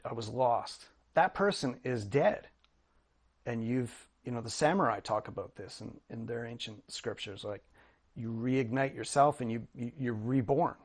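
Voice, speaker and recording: Middle-aged male podcast guest with a medium-pitched voice, earnest and reflective, restarting his sentences as he talks. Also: a little mellow. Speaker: podcast guest, drumming coach. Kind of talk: casual interview conversation.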